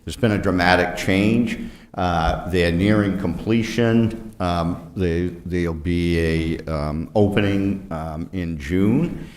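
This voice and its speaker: A man chairing a city council meeting, formal and brisk with some fillers. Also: deep voice. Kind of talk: meeting procedure. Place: council chambers. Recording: echoey chamber.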